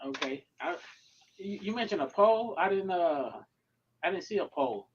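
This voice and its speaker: A man calling into a livestream, quiet and hesitant, asking careful questions over a dull lo-fi line. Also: sits high, lively intonation, normal speed, husky. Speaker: caller on a livestream. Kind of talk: casual call-in chat. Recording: dull lo-fi call audio.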